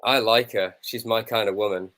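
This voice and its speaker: A man's voice: fairly low pitch, fairly even intonation, normal speed, a bit bright. A man co-hosting a wrestling watch-along, joking cheekily and telling stories. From England. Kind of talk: casual banter.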